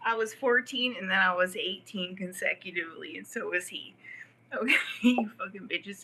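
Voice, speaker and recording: A woman's voice: mid-range voice, moderate pace, sharp tone, a little hiss or hum, rough recording. A woman on a livestream in a rambling, profane, mocking rant. She often drops to a whisper and laughs mid-sentence. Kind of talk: rambling live-stream rant.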